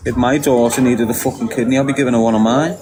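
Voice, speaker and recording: A man's voice: mid-range voice, steady tone, fast talker, background noise. A middle-aged man with a Liverpool accent talking bluntly and candidly to his viewers, swearing freely as he answers their questions. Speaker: channel host answering viewers. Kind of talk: candid casual monologue.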